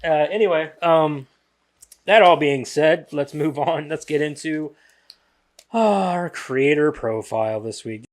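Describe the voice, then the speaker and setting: A man's voice: a little high, measured pace. Rambling male podcast host. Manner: rambling, self-described monotone. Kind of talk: casual podcast chat.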